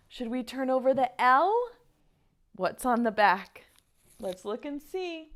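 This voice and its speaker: A woman teaching an online preschool lesson to small children, speaking gently and encouragingly and singing slow children's songs. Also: on the high side, big pitch swings.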